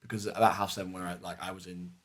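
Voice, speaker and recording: Deep-voiced man rambling animatedly. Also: fast talker. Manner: rambling, many fillers, animated retelling. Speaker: podcast co-host. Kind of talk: casual chat recapping a live-action game event.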